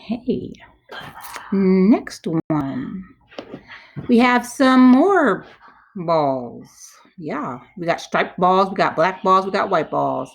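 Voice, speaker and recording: A woman's voice: mid-range voice, big pitch swings, slow pace, gravelly. Chatty woman teaching probability. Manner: chatty, talks herself through each step. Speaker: math teacher. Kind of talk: thinking-aloud math walkthrough.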